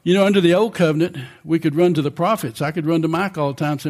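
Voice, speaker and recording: A man's voice: fairly high pitch, steady tone, rapid-fire, a little mellow. An older man preaching a sermon in a conversational way, often asking the congregation questions.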